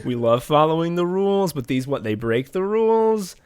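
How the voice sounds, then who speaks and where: Man playing a bragging old politician, loud, rambling, higher voice. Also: big pitch swings, normal speed, clean tone. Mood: indignant. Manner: rambling, repeats "folks", boastful. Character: blustering elderly male politician boasting to a crowd.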